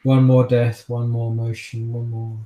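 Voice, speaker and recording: Game master guy narrating dramatic, kinda halting, echoey room. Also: medium pitch, monotone, phone-quality sound.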